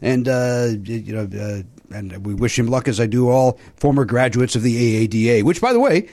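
A man's voice: medium pitch, lively intonation, normal speed, a little mellow, no room sound. A middle-aged man hosting a comedy podcast, talking casually and self-deprecatingly with lots of filler words. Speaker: podcast host. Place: podcast studio.

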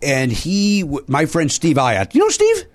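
Chatty comedian guy, voice bounces all over, sits a bit high, lots of uhs as he tells a story. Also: huge pitch swings, a little slow. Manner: rambling storyteller with many fillers and restarts. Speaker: podcast host and comedian. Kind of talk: casual chat, telling anecdotes.

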